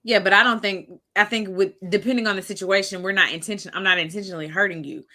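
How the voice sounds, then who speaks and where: A woman's voice: mid-range voice, fairly even intonation, fast, sharp tone. A woman co-hosting a podcast, speaking directly and emphatically in casual discussion. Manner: emphatic and direct, acting out her own reactions. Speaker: podcast co-host.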